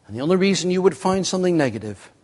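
A man preaching an evening sermon to a congregation, with a slow, emphatic delivery. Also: high-pitched, animated, a little mellow, long reverb tail.

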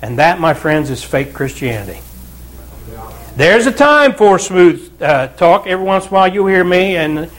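A man's voice: sits high, animated, normal speed, fairly bright tone. A pastor preaching a conversational sermon to his church, with asides and repeated calls of "Amen?" to the congregation. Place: church sanctuary.

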